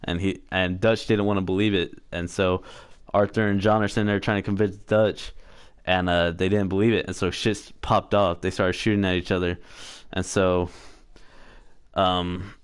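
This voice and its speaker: A man's voice: sits low, little pitch movement, normal speed, clean tone, no room sound, clean studio sound. A man giving casual gameplay commentary, rambling through a story recap with fillers, self-corrections and offhand swearing. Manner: profane, offhand. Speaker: gameplay streamer.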